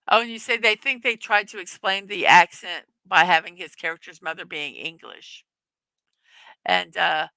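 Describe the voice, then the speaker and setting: A woman's voice: lowish voice, sharp tone, dry recording, low-quality recording. A woman hosting a casual live stream, chatting with viewers and reading their comments, giggling often, with many fillers. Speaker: livestream host.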